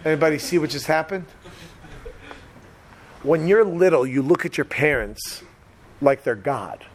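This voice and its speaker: A man giving a humorous sermon full of stories, animated and talking straight to his listeners. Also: fairly high pitch, a little slow. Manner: animated, joking, talks to the audience.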